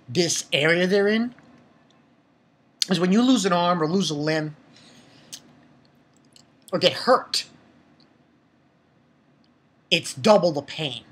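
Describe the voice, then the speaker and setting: Husky male anime reviewer, ranting and mocking, loud bursts and mutters. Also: on the high side. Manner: animated, profane, mocking, swings from shouting to muttering.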